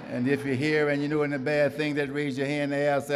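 A man's voice: on the high side, level tone, fast, in a large hall, noisy background. A middle-aged man preaching a sermon to a church congregation, building rhythmic repetitions and calling for responses. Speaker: pastor.

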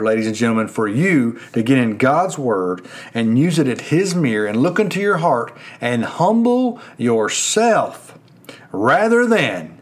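A male preacher delivering a sermon with a lively, swinging delivery. His voice sits a little above the usual male pitch. He presses his listeners with earnest questions. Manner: earnest, questioning the listeners, rising and falling emphasis.

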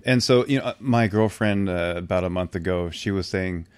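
Man, very low voice, reflective and hesitant, dry close recording. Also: moderate pace, clean tone, no echo. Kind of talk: casual chat.

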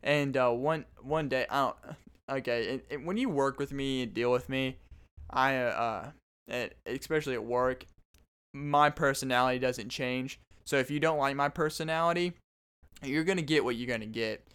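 A young man in his twenties with a smooth, resonant voice at an ordinary middle pitch. He hosts his own show and talks in a loose, rambling way, often stopping and restarting his sentences. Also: normal speed, a bit bright. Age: 20s. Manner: rambling, self-interrupting storyteller. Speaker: podcast host. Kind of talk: casual solo monologue.

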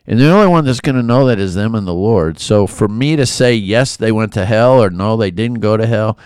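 Low, smooth-voiced man talking through scripture. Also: fairly quick, darkish tone, no room sound. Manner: conversational, earnest, with many asides and restarts. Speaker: Bible devotional host. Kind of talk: informal Bible commentary.

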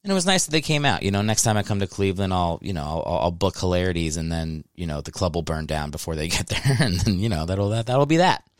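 Rambling, joking man with a smooth voice. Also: deep voice, animated, fast talker, hardly any pauses, no echo, clean studio sound. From Ohio. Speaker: podcast host and stand-up comedian. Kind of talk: casual solo podcast monologue. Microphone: close microphone.

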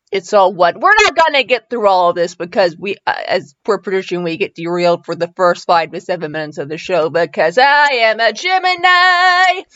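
A woman's voice: mid-range voice, a bit bright, no echo, muffled recording. A woman podcast host reading fanfiction aloud with giggly, rambling, self-mocking comedic asides. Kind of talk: comedic commentary and story reading.

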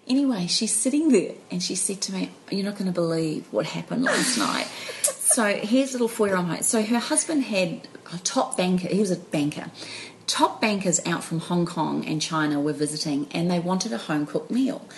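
Lively storytelling New woman. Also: lowish voice, normal speed, slight background noise, poor audio. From New Zealand. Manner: animated, laughing storyteller. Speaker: podcast guest. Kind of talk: casual storytelling chat.

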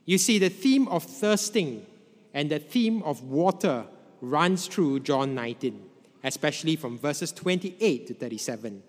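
A man preaching a sermon in a measured way, letting his voice drop low at the ends of phrases. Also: expressive. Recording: long hall reverb.

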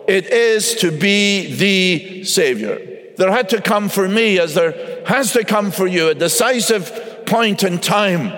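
A man's voice: high voice, fairly bright tone, big-room sound. A man preaching a sermon as pastor, earnest and emphatic, repeating phrases for weight. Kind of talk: radio sermon.

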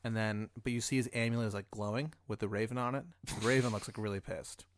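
Man spinning a rambling deadpan story. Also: on the low side, fast. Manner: rambling, deadpan, with filler words. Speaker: podcast host. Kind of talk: improvised comedic storytelling.

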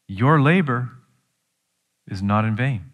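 A man's voice: medium pitch, animated, slow, phone-quality sound. A male pastor teaching from the Bible in a conversational sermon, earnest, with emphatic peaks.

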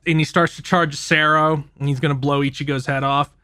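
A man hosting a podcast who casually recaps an anime, telling it in an animated, profane way. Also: fairly high pitch, brisk, clear, resonant tone, no room sound. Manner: animated, profane storytelling with frequent laughs. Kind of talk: casual chat.

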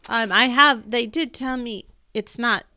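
Upbeat woman cohosting a podcast, smooth clear voice, dry close sound. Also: fairly high pitch, a little slow, bright, forceful tone, no echo. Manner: chatty, upbeat, laughs often. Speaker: podcast co-host, healer. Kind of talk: casual podcast chat.

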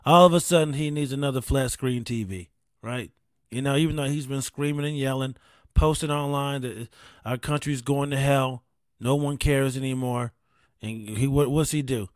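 A man's voice: mid-range voice, fairly even intonation, normal speed, no echo, clean studio sound. A man hosting his own podcast, rambling casually and swearing as he jokes to camera. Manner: rambling, profane and joking. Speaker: podcast host. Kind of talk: casual solo podcast chat. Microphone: studio mic on camera.

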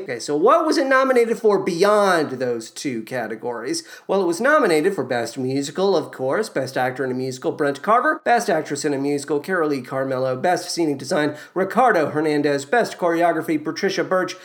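A man hosting a podcast, reading a scripted musical theatre recap in a playful way with quick asides. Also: sits high. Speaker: podcast host.

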